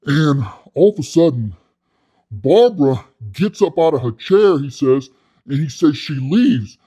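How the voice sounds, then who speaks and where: A man's voice: on the high side, animated, unhurried, mellow, breathy edge. A man telling a comic story in a rambling way, with stumbling restarts. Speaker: comedy storyteller.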